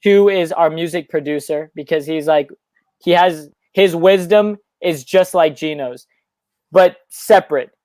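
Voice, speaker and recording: An eager young man with a high voice talks in quick, run-on sentences, chatting as a guest on a live stream. The sound is dry and close, with no room around it. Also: darkish tone, no room sound. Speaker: guest musician. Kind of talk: casual chat on a live stream.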